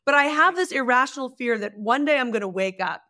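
Lively laughing woman, slightly high voice. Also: fairly quick. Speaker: guest, leadership coach. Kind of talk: casual interview chat.

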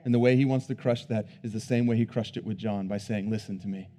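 A man preaching a sermon who swings between hushed, low emphasis and loud, emphatic bursts, repeating words as he builds each point. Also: fairly even intonation, fast.

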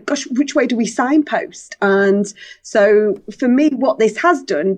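A woman guest in a relaxed interview, speaking in excited bursts that stop and restart. She leaps up in pitch when she quotes others, and her voice sits in a middling register. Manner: animated, jumps in pitch when quoting people; talks in bursts with many restarts. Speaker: podcast guest, awards organiser. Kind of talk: casual interview chat.

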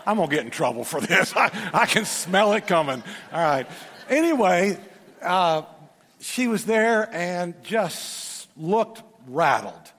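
A man's voice: high voice, sing-song, slow pace, fairly bright tone. A middle-aged man preaching a sermon, telling folksy stories with joking asides and often repeating or restarting words as he builds a point. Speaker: pastor. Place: large church sanctuary. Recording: long reverb of a large church hall.

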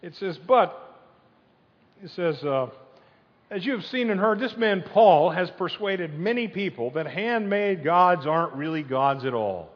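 A man preaching a sermon as pastor, telling the story in a lively, conversational way and leading the crowd in chants. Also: high-pitched, unhurried. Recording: dull sound in a long-echo hall.

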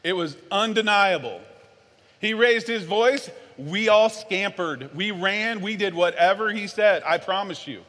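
A man preaching a sermon, animated, swinging from low and earnest to loud and worked-up. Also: a little slow. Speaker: pastor. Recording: long hall reverb.

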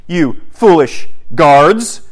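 A man's voice: a little high, expressive, very slow, exaggerated voice. A preacher putting on the voice of smug, scoffing male religious know-it-alls in a mocking, sneering tone.

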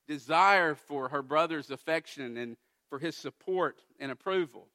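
Bright-voiced male preacher. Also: on the high side. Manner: earnest, builds to emphatic exhortation. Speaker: pastor. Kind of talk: sermon.

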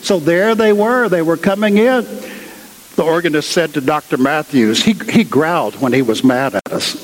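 A man's voice: fairly high pitch, normal speed. A man preaching in a large cathedral, retelling a story in a conversational way full of asides. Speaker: guest speaker at a cathedral. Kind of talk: storytelling sermon. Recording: long cathedral reverb.

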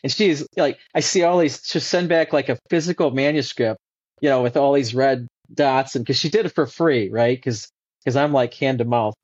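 A man talking as a podcast guest in a casual, animated way, with many fillers and restarts. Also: medium pitch, normal speed, no room sound. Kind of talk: casual conversational interview. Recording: dull lo-fi dry sound.

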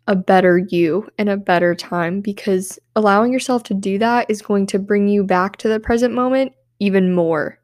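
Young female podcast host, earnest and heartfelt, teary-voiced, mid pitch, dry close mic. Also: a little mellow, no echo. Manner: earnest, heartfelt, uses "like" often. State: tearful, on the verge of crying. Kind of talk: self-help podcast monologue.

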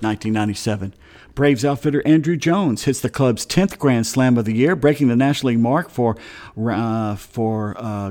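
A middle-aged sports radio host with a mid-range, slightly mellow voice runs a casual talk show. He reads baseball history and drifts into rambling anecdotes, chuckling often.

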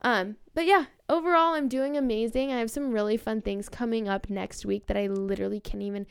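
A young woman hosts her podcast and tells stories in a chatty, eager rush, filling her sentences with "like". Her voice sits a little high and has a gravelly fry. It is recorded close and dry, with a smooth, clear tone. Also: fairly quick, dry recording. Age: young adult. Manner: chatty, heavy use of "like", earnest and excited. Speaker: podcast host. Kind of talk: casual storytelling monologue.

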